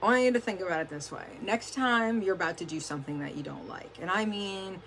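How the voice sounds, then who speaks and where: A woman's voice: mid-range voice, a little fast, a bit bright, slight background noise. A woman giving a casual motivational talk to her team on a livestream, chatty and peppered with "like" and the odd swear word. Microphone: camera close up, adjusted during stream.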